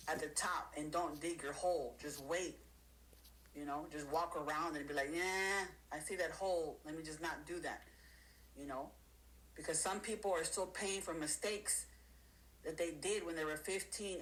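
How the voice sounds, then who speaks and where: A woman's voice: low voice, a bit bright, a little hiss or hum, rough recording. A woman giving motivational advice in a folksy, streetwise way, often acting out the people she talks about. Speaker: guest speaker. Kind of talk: motivational talk on a live stream.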